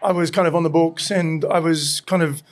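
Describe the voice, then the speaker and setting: A middle-aged Australian man telling animated stories in a casual chat, swearing and laughing often as he recounts his past. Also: a little high, moderate pace. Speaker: podcast guest, burger restaurant owner. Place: his burger restaurant.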